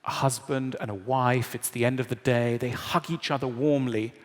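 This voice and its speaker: A man's voice: mid-range voice, steady tone, moderate pace. A man giving a public lecture in a wry, conversational way, often checking in with the audience. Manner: conversational, wry, frequent tag questions. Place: large lecture hall. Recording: long hall reverb.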